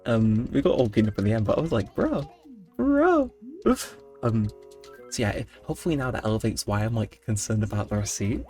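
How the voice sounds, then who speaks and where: A man's voice: fairly low pitch, fast talker, warm tone, soft background music. A young man telling stories in late-night gameplay commentary, rambling with mock-indignant outbursts. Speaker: gaming channel host.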